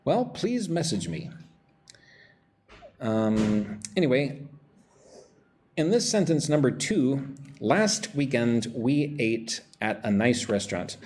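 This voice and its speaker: A male English teacher hosts a live online lesson at an unhurried pace. His voice rises and falls a great deal as he repeats short phrases for learners to copy. Between examples he greets viewers from the chat. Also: medium pitch, darkish tone. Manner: slow, drills short phrases by repeating them.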